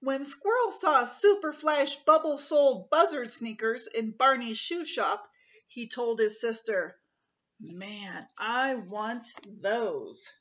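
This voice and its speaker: A woman, a preschool teacher, reading a picture book aloud to children in a slow, expressive way. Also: sits high, muffled recording.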